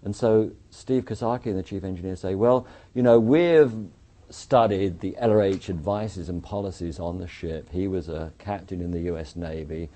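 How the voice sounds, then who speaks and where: An English man with a deep, mellow voice tells his story in a casual interview. He moves between plain retelling and lively bits where he acts out what others said. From England. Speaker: interview guest, architect.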